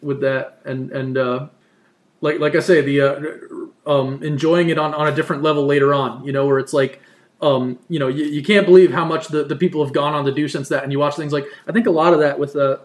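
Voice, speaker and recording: A man's voice: a little high, fairly even intonation, brisk. A man in his thirties from New Jersey, chatting casually and rambling with lots of "you know" and "like". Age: 30s. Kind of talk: casual chat. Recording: roomy echo.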